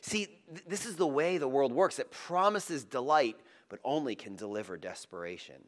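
A man delivers a sermon from the pulpit in a medium-pitched voice. His intonation rises and falls in wide swings. He presses loudly on emphatic phrases, then drops to a near-hush for tender moments. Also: lively intonation, moderate pace. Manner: dramatic, swinging from loud emphasis to hushed tenderness. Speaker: pastor.

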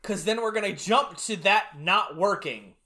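A man co-hosting a casual recap chat, excitable, swearing freely and acting out scenes. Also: high-pitched, unhurried. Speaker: podcast co-host.

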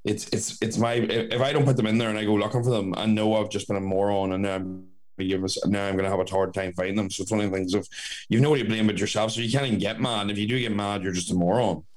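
Young man, low pitch, casual chat, blunt, sweary, restarts a lot. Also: steady tone, fast, darkish tone, a little hiss or hum. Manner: rambling, self-correcting, blunt and sweary.

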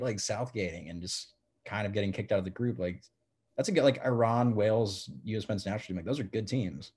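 An American man co-hosting a sports podcast, talking excitedly and filling nearly every phrase with "like". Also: fairly low pitch, fairly quick, slightly rough. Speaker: podcast co-host. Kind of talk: casual sports chat.

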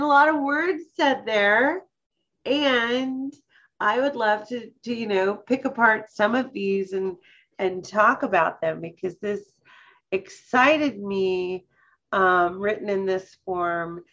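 A woman co-hosting a podcast in casual chat, talking slowly and thoughtfully and reading passages aloud with care. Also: medium pitch, fairly bright tone, muffled recording. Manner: slow, thoughtful, reads passages aloud carefully. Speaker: podcast co-host.

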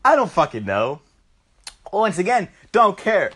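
A man's voice: high voice, big pitch swings, measured pace, a bit bright, breathy edge. A young man telling a crude, profane comic story loosely, dropping "bro" constantly and making goofy sound effects. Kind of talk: crude comedic storytelling rant.

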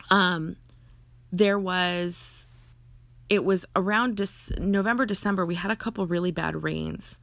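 Woman with a low gravelly voice, earnest, telling her own story, dry close sound. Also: a bit bright, dry recording. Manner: earnest, retells dialogue, frequent restarts. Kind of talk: personal story told in conversation.

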